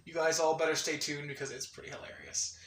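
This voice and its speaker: Bright, giggly guy vlogging, voice a bit high, recorded in a roomy space off-mic. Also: quick pace, far from the mic, slight background noise. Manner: excitable, laughs often, restarts sentences. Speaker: anime vlogger. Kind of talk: casual rambling monologue.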